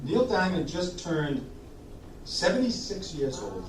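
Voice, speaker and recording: A man entertaining seniors at a live sing-along, chatting warmly between songs and coaxing the crowd to sing with him. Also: high voice, sing-song, moderate pace. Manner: chatty, encouraging, leads audience singing. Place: senior living community hall. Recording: roomy hall, heard from a distance. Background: instrumental backing music.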